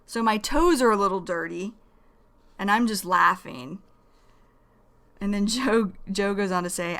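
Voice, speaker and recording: A woman teaching English vocabulary in a slow, careful lesson, repeating each key phrase. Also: medium pitch, a bit bright.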